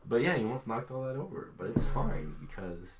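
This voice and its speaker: A man's voice: mid-range voice, fairly quick, a loud crowd. A young man hosting a casual podcast from a small concrete room, telling stories animatedly and acting out quotes. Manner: animated storytelling with acted-out quotes. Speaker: podcast host. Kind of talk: casual chat.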